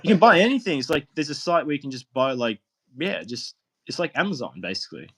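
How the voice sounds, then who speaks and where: A man's voice: a little high, very animated, fast, a bit bright, husky, low-quality recording. A man, a guest on a live stream, telling loose, rambling stories full of fillers and laughs. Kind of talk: casual swearing storytelling.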